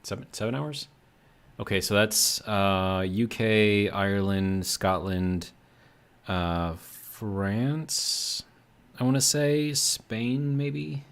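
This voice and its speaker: A man's voice: on the low side, steady tone, extremely slow, smooth. An American man chatting casually on a live stream, rambling with lots of fillers while he reads out chat messages. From United States.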